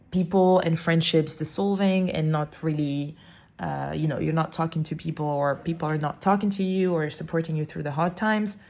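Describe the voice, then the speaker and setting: Low-voiced woman. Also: moderate pace, gravelly. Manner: expressive, storytelling, drops into French fillers. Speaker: podcast host. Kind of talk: casual reflective monologue.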